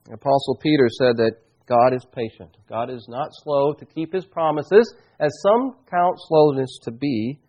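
A pastor preaching a sermon in an earnest, reflective manner, slowing down to stress key phrases. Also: male voice, medium pitch, a little mellow, muffled recording.

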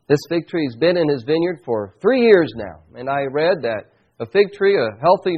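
A man's voice: a little high, highs cut off. Earnest man preaching a sermon. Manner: earnest, reflective preaching with slow emphatic stresses. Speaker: pastor.

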